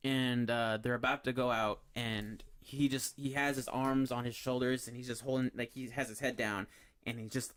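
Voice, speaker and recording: A man's voice: mid-range voice, steady tone, normal speed, a bit bright. A man hosting a podcast, chatting casually and rambling through a story with lots of fillers and restarts. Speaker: podcast host. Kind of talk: casual chat.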